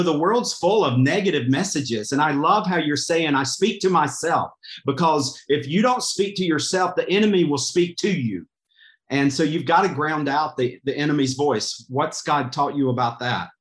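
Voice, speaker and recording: Male host, earnest and reflective, voice a bit high. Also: lively intonation, moderate pace. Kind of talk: interview.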